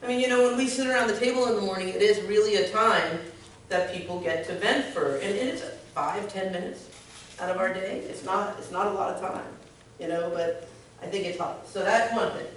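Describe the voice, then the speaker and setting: A woman's voice: medium pitch, fairly quick. A woman working in social services, leading an earnest workplace discussion. She keeps checking in with her listeners with "right?". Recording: echoey room, distant mic, faint noise.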